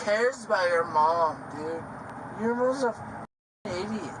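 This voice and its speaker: A man's voice: high voice, expressive, takes it slowly. A drunk arrested man ranting, taunting and cursing erratically in the back of a police car, recorded on a body camera. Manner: slurred, erratic, taunting, profane. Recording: noisy body-camera audio.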